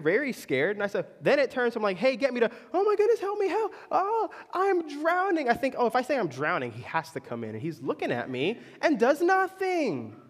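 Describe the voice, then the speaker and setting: Man, pastor, sermon, storytelling, high voice, reverberant hall. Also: a bit bright. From Florida, US. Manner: storytelling, keeps checking in with "right?".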